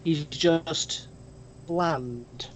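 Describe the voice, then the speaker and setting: Game master, slow unhurried narration, hesitant, faint rumble. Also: poor audio. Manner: hesitant, many ums and restarts.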